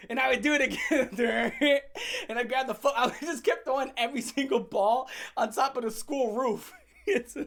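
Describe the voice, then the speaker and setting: A woman hosting a comedic rant. She tells stories in a loud, profane way, fires off repeated rhetorical questions, and breaks into laughs. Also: sits high. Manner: animated, profane storytelling with sudden shouts and laughs. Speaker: channel host.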